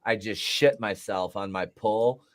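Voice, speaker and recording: A guest at a wrestling watch party who tells crude stories to friends, swearing a lot and laughing his way through them. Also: measured pace. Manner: laughing, profane, breaks into high laughs mid-story. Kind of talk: crude casual chat with friends.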